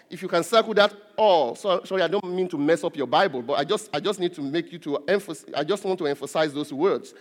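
A man's voice: sits high, quick pace, few pauses. A male pastor preaching a sermon, emphatic, repeating and stressing key words. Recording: long hall reverb.

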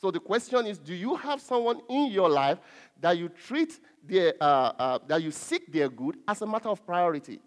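A man preaches a sermon in a fairly high voice. He leans hard on key words and draws them out, often stopping on fillers and restarting. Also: big pitch swings. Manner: emphatic, drawn-out stresses with frequent fillers and restarts.

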